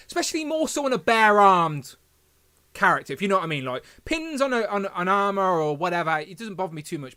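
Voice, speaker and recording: Man, high-pitched, casual livestream host, rambling. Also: bright, forceful tone. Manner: rambling, self-correcting, reads chat aloud. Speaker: podcast host.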